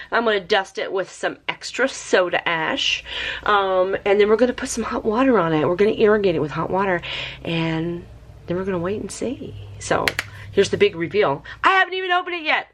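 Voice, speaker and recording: A woman hosting a casual craft review vlog, chatty and excitable, talking to viewers like friends. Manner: bubbly and excitable, squeals with high delight. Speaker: craft video host.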